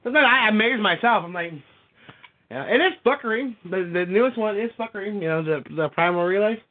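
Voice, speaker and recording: A man hosting a show, swearing and laughing as he chats and reads his own dark poetry. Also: sits high, fairly quick. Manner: profane, laughing, rambling. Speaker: podcast host and poet. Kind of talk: casual chat and poetry reading. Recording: tinny phone-like sound.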